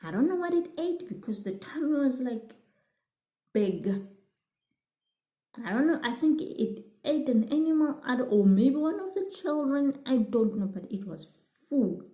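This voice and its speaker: A woman telling her viewers a childhood story in a storytime vlog, animated, often calling them "guys" and restarting her sentences. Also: high voice, a little slow, echoey room. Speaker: vlogger.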